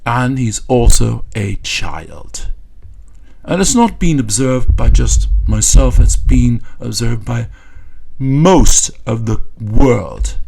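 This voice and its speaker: A man giving mocking satirical commentary in a scornful, stop-start way, with many fillers and pauses. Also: mid-range voice, lively intonation, creaky, warm tone, breathy edge. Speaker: political commentator.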